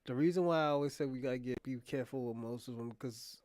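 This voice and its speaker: A man's voice: mid-range voice, fast, darkish tone, dry recording. A man hosting a commentary show, ranting bluntly and emphatically with frequent restarts.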